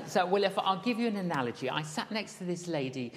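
A man's voice: high voice, animated, fast, a bit bright. A man from Cyprus, a clergyman and author, being interviewed onstage, affable and telling stories. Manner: affable, storytelling. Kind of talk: live on-stage interview. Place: large hall with a live audience. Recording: reverberant hall with faint noise.

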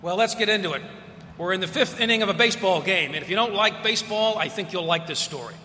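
A man giving a public lecture as guest speaker, telling stories with quick asides. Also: sits high, pushed and bright, big-room sound, a little hiss or hum.

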